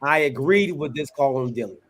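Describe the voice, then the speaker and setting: A man hosting a casual sports talk show, relaxed and conversational, reading out listener comments. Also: medium pitch, a little fast. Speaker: podcast host. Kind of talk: casual chat.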